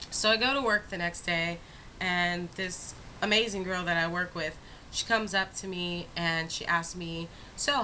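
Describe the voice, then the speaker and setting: Young woman, casual vlog storyteller, bright tone, lively and expressive delivery. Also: fairly low pitch, slight background noise, poor audio. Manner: animated, expressive retelling with rhetorical asides. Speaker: vlogger.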